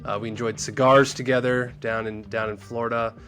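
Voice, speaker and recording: A man hosts a podcast in a relaxed, chatty way, full of restarts and fillers. His voice sits in an everyday middle pitch. Faint music plays underneath. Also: brisk. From Pennsylvania. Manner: energetic, loose, filler-heavy. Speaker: podcast host. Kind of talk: casual podcast chat.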